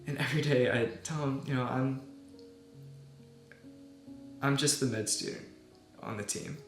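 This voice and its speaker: A young man, a medical student, earnestly telling a personal story in a soft voice that often trails off quietly. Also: medium pitch, measured pace, long pauses. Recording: echoey room with soft guitar music.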